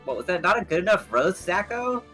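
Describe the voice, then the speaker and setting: A man's voice: high-pitched, big pitch swings, a little fast, pushed and bright, soft background music. A man joking and laughing in a casual chat on a live stream.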